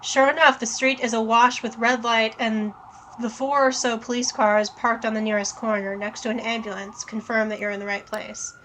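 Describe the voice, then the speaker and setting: A woman streaming a story game, reading its text aloud and thinking out loud in a casual way, with plenty of swearing. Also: fairly high pitch, flat delivery, normal speed, slight background noise, poor audio.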